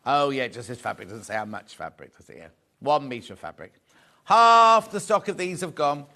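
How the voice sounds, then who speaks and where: Male shopping-channel host, light higher voice, jokey and chatty, corrects himself as he goes. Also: animated, normal speed, bright, forceful tone. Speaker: shopping TV presenter. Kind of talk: live selling chat, reading viewer messages. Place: TV studio.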